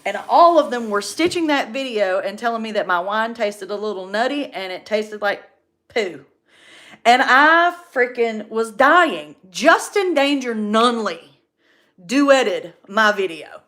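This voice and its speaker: A woman, chatting casually and animatedly on a livestream, quick to laugh. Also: fairly high pitch, animated, fairly bright tone. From North Carolina.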